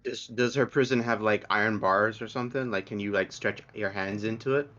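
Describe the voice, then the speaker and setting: A man's voice: on the low side, brisk, a bit bright, lo-fi sound. A man playing a tabletop game, speaking in a reassuring way. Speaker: player. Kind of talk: tabletop role-play.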